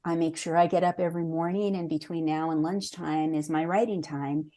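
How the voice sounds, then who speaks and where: A woman in her sixties, a memoir author, answers interview questions earnestly and reflectively, now and then restarting a sentence. Her voice is deep and warm, with a steady tone and a brisk pace.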